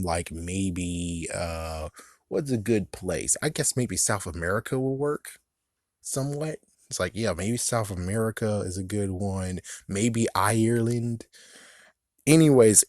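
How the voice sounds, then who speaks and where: Rambling young man reviewer, low voice. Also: a little mellow, no echo, studio quality. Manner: rambling, swears often, laughs at own jokes. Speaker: YouTube reviewer. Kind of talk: casual rambling commentary.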